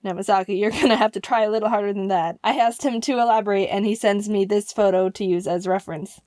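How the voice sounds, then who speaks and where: A woman narrating a storytime voice-over in an excitable, jokey way, with sudden loud outbursts. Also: mid-range voice, quick pace, dry recording, studio quality. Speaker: animator telling a story.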